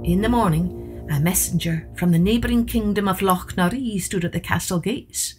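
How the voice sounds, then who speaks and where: A woman storyteller reading a picture book aloud in an expressive, rhythmic way. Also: medium pitch, moderate pace, faint music behind.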